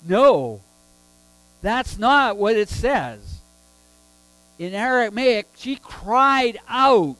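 Male preacher, high animated delivery, slow emphatic sermon, dry sound. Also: no room sound, soft background music, low-quality recording. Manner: emphatic with rhetorical questions.

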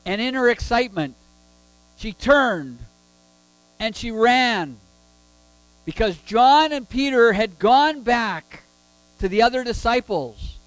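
A man's voice: very high-pitched, lively intonation, slow pace, pauses often, no room sound, faint music behind, poor audio. A man preaching a sermon, emphatic and full of rhetorical questions.

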